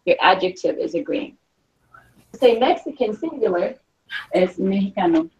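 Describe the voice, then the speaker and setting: A woman's voice: medium pitch, animated, moderate pace, background noise. A woman teaching a Spanish class, explaining in a chatty way and checking in with the class with frequent "okay?". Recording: distant, dull lo-fi classroom recording.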